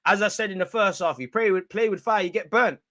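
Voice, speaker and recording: A man's voice: high-pitched, fast talker, background noise. A man hosting a live football watch-along, chatting in slangy banter, reacting to the play and often breaking into laughter. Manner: reacts loudly to goals and chances.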